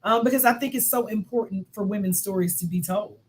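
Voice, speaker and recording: A woman's voice: mid-range voice, a little fast, low-quality recording. A woman in her fifties, a guest author, telling stories in casual chat with lots of laughter and "y'all". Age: 50s. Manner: lively, laughing, says y'all often.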